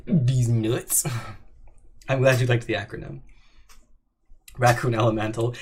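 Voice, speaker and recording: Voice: medium pitch, very animated, slow, long pauses, bright, forceful tone, husky. A young adult livestream host in casual Q&A chat, reading questions and answering in a playful, jokey, teasing way with frequent laughs.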